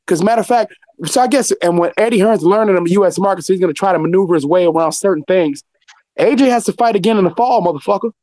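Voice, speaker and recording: A man's voice: high-pitched, darkish tone, no room sound. A man ranting heatedly about boxing, profane and fired up. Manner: profane, fired-up, talks fast. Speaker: guest commentator.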